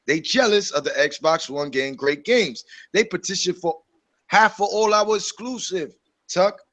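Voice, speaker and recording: A man in casual gaming chat, preachy and animated. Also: high-pitched, a little slow. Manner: animated, preachy, mocks others in a put-on voice. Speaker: co-host.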